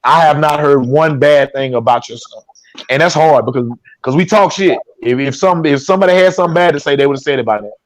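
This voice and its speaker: A man's voice: a little high, fast, dry recording. Emotional, stammering male talk-show host. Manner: repeats words, stammers when upset.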